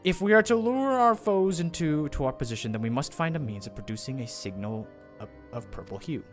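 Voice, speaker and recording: Guy reading as a formal noble knight, calm and courtly. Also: fairly high pitch, over music, lightly acted. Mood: commanding. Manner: measured, courtly phrasing.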